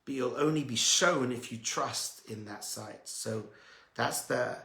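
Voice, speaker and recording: Passionate rabbi with a bright voice in an echoey room. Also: male voice, medium pitch, unhurried, slight background noise. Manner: passionate, swings between loud emphatic peaks and soft hushed stretches. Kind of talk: Torah talk.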